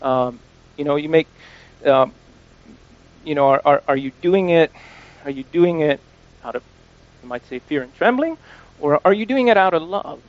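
A man preaching an informal sermon, halting often, repeating words and restarting, and slowing down to stress quoted scripture. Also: on the high side, expressive, dull audio.

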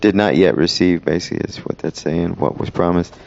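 A man leading a Bible study in a casual way, with many fillers, reading verses slowly and explaining them. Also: low voice, steady tone, creaky, darkish tone, muffled recording.

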